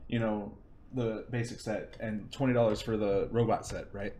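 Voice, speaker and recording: Male co-host, excitable and profane, echoey room with faint hiss. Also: fairly low pitch. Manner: excited, swearing, rapid explaining. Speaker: podcast co-host, news segment. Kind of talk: casual group podcast chat.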